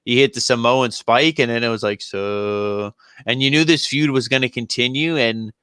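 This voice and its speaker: Bright crisp man reviewing wrestling. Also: medium pitch, moderate pace, no room sound, studio quality. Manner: rambling, fillers, acts out wrestlers' lines in passing. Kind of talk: casual chat.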